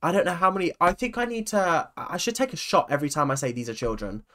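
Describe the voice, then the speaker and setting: A woman's voice: lowish voice, lively intonation, fast, fairly bright tone. A woman hosting a reaction video, chatting sarcastically and exclaiming at clips. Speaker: YouTube reaction host. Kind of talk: casual reaction commentary.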